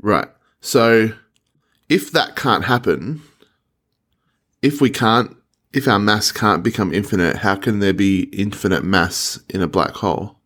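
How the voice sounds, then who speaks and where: A man's voice: fairly low pitch, measured pace, fairly bright tone. A man, co-hosting a casual podcast and puzzling things out aloud, checking in with "right?". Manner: curious, questioning, checking with "right?". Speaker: podcast co-host. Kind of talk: casual chat.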